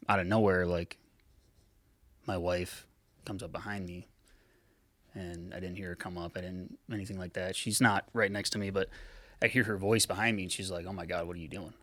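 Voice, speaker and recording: A man with a low, deep voice recounts his past bluntly on a podcast, full of curse words and halting "uh"s. The sound is dry and close, with no room around it. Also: steady tone, a bit bright, no room sound. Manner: frank, heavy swearing, halting with many fillers. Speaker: podcast guest. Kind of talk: candid personal storytelling. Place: podcast studio.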